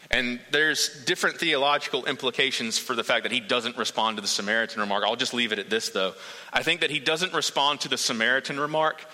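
A man's voice: mid-range voice, pushed and bright, big-room sound, rough recording. A man preaching a sermon, earnest and emphatic, building points through repetition.

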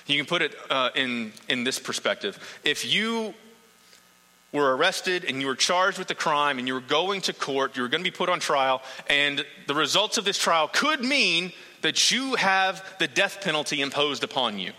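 A man's voice: on the high side, lively intonation, moderate pace, pushed and bright, in a large hall, low-quality recording. A man preaching a sermon, earnest and emphatic, building points through repetition.

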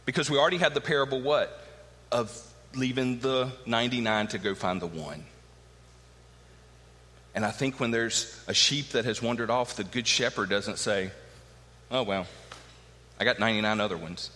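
A man's voice: mid-range voice, moderate pace, pushed and bright. A middle-aged man preaching a sermon with emphatic rhetorical questions. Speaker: pastor. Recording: long hall reverb.

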